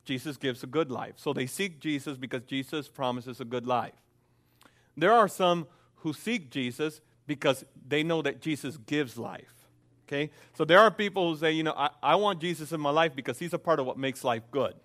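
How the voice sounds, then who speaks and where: A middle-aged male pastor preaching a sermon, swinging between loud emphasis and soft, slow passages. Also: on the high side.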